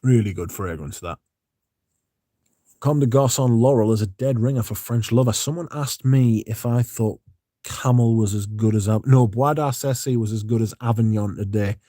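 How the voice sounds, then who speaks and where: A man's voice: medium pitch, moderate pace, no room sound, clean studio sound. A man hosting a fragrance livestream, chatting casually and rambling between comments. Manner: relaxed, rambling, chatty with fillers.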